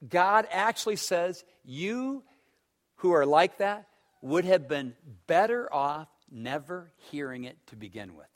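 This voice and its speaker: A man preaching a sermon, telling stories and swinging between loud emphatic stretches and hushed ones. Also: a little high, animated, unhurried. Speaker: pastor.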